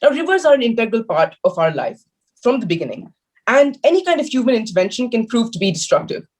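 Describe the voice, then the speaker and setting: A man's voice: quick pace, low-quality recording. A teenage boy giving an emphatic, argumentative school debate speech against a motion over a video call. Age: teens. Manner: emphatic, argumentative, lively pitch. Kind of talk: formal competitive debate speech.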